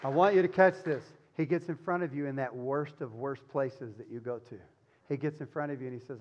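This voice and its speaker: A man preaching a sermon as pastor, swinging from loud urgency to hushed tenderness. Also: medium pitch, a little fast, lo-fi sound.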